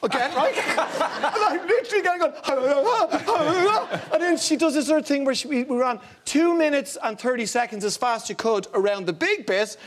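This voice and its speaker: A man with an Irish accent, a comedian guest telling a comic anecdote on a chat show in an excitable, breathless way, often laughing. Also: very high voice, brisk. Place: TV studio.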